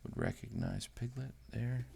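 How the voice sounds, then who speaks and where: With a mid-range voice whose pitch swoops wildly, this man speaks unhurriedly, with vocal fry, a little mellowness and a breathy edge. He's an amateur artist hosting a drawing channel, casually rambling while he draws, thinking aloud, unsure and self-deprecating.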